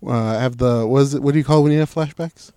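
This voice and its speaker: A man's voice: mid-range voice, quick pace, warm tone, clear, resonant tone, no room sound. A man co-hosting a crude podcast from a parked car at night, telling a story loosely and with lots of swearing. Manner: loose, profane storytelling with acted-out quotes. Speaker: podcast co-host. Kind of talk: crude casual chat.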